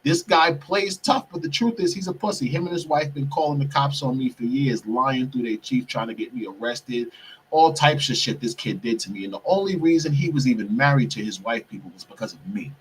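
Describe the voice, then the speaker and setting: A man's voice: mid-range voice, a little fast, slight background noise. A man hosting a podcast, telling a heated personal story, profane and repeatedly calling out to his listeners as "people". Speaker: podcast host. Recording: distant mic, husky sound.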